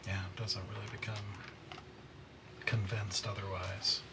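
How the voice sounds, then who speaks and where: A man as game master, calmly narrating the epilogue of a tabletop game session. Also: lowish voice, measured pace. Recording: distant mic with loud background noise.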